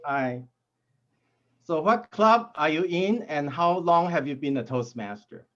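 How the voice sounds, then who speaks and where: A man's voice: fairly high pitch, animated, fairly bright tone. A man emcees a speech contest over a video call, his voice rising and falling a lot as he jokes with each contestant and stumbles through restarts. The audio is somewhat dull and lo-fi. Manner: jokey, halting with restarts. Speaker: contest toastmaster interviewing contestants. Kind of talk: friendly interview banter.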